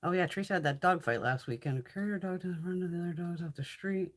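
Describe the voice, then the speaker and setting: A woman's voice: lowish voice, fast. A woman hosting a casual livestream, chatting with viewers in a loose, profane way. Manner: chatty, profane, reads and answers viewer comments. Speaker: livestream host.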